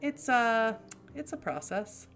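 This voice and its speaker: A woman's voice: a little high, big pitch swings, slow, fairly bright tone, faint music behind, pitched above the performer's own voice, heavily acted. A woman voicing a sardonic young female vampire outcast with a wry, sarcastic manner.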